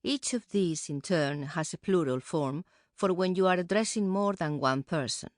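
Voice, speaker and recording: A woman co-presenting a pronunciation course with calm, careful explanation, recorded close on a studio mic. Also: fairly low pitch, moderate pace, dry recording. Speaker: Spanish co-presenter. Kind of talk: scripted instructional narration.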